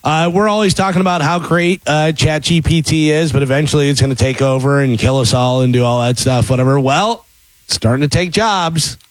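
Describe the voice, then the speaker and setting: A man's voice: a little high, brisk, dry recording. Joking man hosting a talk show. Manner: joking, reads news items aloud. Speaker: radio show host. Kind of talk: casual morning show banter.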